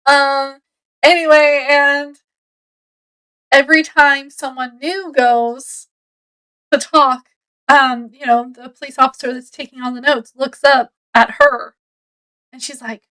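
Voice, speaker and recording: A woman casually retelling a mystery novel's plot in a book review, rambling and full of fillers, often trailing off quietly. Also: sits high, slow pace, long pauses, poor audio. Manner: rambling, retells scenes with quoted voices; lots of fillers, trailing off softly.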